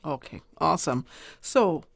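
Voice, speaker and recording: A host of a radio sports show asking guests questions with quick friendly affirmations. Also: mid-range voice, lively intonation, creaky, no echo, studio quality. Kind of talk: radio interview.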